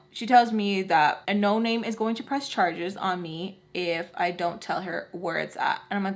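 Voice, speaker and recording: A woman in her twenties telling a personal story to her viewers, animated and frank with casual slang. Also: medium pitch, unhurried, hardly any pauses. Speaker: storytime vlogger.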